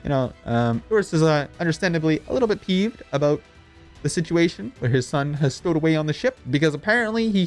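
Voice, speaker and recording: Profane, sarcastic young man narrating. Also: fairly high pitch. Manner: irreverent, profane, sarcastic, rambling. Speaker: video narrator. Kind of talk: comedic anime recap narration. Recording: voice-over with background music.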